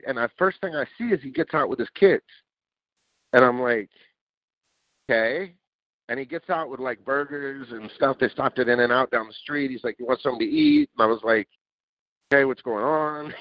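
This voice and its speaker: A man telling stories as a podcast guest in a casual, animated way, swearing and acting out what people said. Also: medium pitch, dry recording. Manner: animated, swears, acts out quotes. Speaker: interview guest, music producer. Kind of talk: casual storytelling. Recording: dull lo-fi dry sound.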